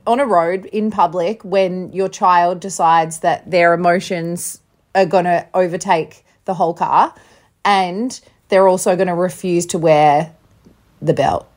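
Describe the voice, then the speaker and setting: A woman co-hosting a relaxed podcast. She talks openly and laughs often, acting out bits of dialogue as she goes. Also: on the low side, a little slow. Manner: candid, laughs often, acts out quotes. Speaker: podcast co-host. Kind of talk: casual podcast chat.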